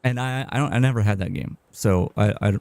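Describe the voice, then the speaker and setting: A man streaming a game live, chatting casually in a rambling, halting way. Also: on the low side, gravelly, a little mellow, no room sound. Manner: rambling, halting, with many restarts and fillers.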